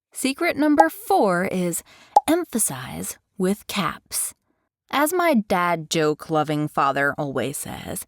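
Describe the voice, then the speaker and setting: A woman's voice: lowish voice, no echo, clean studio sound. A woman hosting a voiceover tutorial in an upbeat, chatty scripted narration with playful asides. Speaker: tutorial host.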